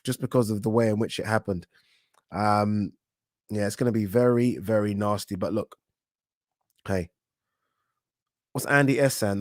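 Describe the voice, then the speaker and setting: A man hosting a boxing channel, chatting casually on a live stream, reading viewer comments aloud and reacting with frank, animated opinions and the odd swear. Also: mid-range voice, dry recording, clean studio sound. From England.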